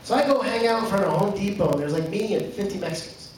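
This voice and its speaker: A Canadian man doing a stand-up comedy set in a club, telling stories in a deadpan way and acting out the people in them. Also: high voice, fast talker. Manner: deadpan storytelling with acted quotes. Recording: echoey club, distant mic, audience noise. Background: audience laughter.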